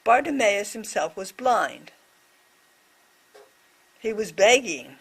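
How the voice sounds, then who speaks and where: Slow, measured woman voicing a reflection. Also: mid-range voice, animated, breathy edge. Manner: slow, measured, in short phrases. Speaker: voice interpreter for a deaf presenter. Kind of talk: slow spoken reflection on a scripture story.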